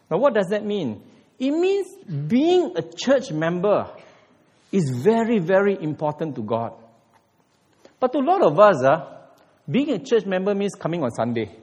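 A man preaches. His voice sits a little high and swings widely, jumping up to hit his key points. The sound carries the long reverb of a church hall. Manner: animated preaching with sudden emphatic rises. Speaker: pastor. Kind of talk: sermon.

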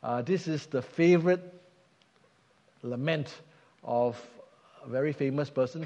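A man's voice: mid-range voice, a little slow, pauses often, dark tone. A man preaching a sermon, earnest and emphatic, asking rhetorical questions. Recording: dull sound with long hall reverb.

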